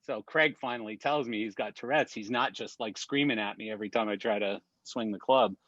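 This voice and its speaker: A man's voice: fairly low pitch, fairly quick, fairly bright tone, dry recording. Man, casual storyteller, swears freely, laughs along, dull lo-fi video-call sound, dry. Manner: profane, laughing anecdote-teller. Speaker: regular on a weekly industry chat.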